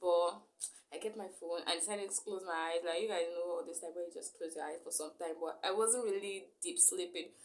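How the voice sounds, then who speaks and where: A woman's voice: fairly low pitch, fairly even intonation, brisk. A young woman, recounting a story in a rambling vlog style full of fillers. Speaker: vlogger.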